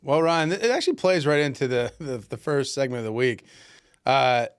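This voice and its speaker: A man's voice: mid-range voice, normal speed, clean tone. A man co-hosting a podcast, telling a casual story and acting out the voices of the people in it. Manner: animated, acts out voices in his stories. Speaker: podcast co-host. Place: Pennsylvania.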